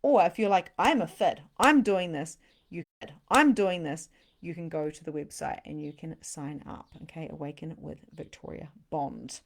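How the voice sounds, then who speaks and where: A woman with a somewhat low voice hosts a livestream as a spiritual coach. She is chatty and bubbly and reads out viewer comments between pitches. Now and then she drops to a hushed, breathy near-whisper for emphasis. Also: moderate pace, hardly any pauses. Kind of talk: live-streamed sales pitch and chat.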